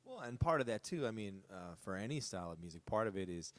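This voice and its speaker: A man's voice: fairly low pitch, very animated, quick pace, fairly bright tone, dry recording. A man hosting a casual interview, asking long winding questions full of asides. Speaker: host.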